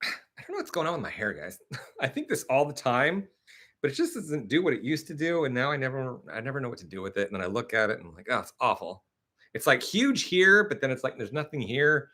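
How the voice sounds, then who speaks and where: Bright-voiced chatty male streamer. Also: medium pitch. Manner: chatty, animated storytelling with many fillers; reads and answers viewer comments. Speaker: live stream host. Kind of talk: casual live stream chat.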